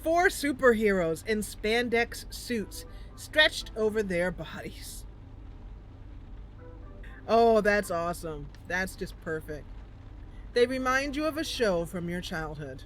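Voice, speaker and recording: Bright giggly gaming lady reading out a story game, slow and bouncy, faint music behind. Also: medium pitch, animated. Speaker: gaming channel host. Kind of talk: reading a game aloud with commentary.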